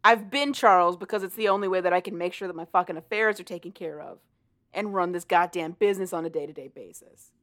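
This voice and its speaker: A woman casually recapping a story for a co-host, animated and profane, laughing often as she talks. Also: lowish voice, quick pace. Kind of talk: casual chat.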